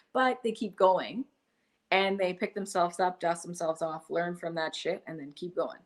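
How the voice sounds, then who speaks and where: Enthusiastic woman telling animated stories. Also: fairly low pitch, moderate pace. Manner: enthusiastic, animated storytelling with acted-out quotes. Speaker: guest, online business builder. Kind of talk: casual interview chat.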